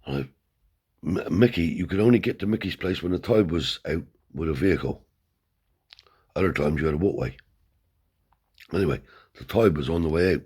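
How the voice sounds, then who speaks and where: A man with a very low, husky voice tells a rough-edged tale from his past. He talks bluntly and swears freely, seated as he spins the story. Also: normal speed, pauses often. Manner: blunt, swears heavily, animated yarn-spinning. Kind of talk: casual spoken storytelling. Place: seated indoors.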